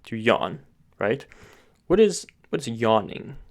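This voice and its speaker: A man's voice: mid-range voice, big pitch swings, slow. A man teaching singing technique, explaining step by step and often restarting his sentences as he thinks aloud. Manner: talks with his hands, pointing to parts of his throat and face.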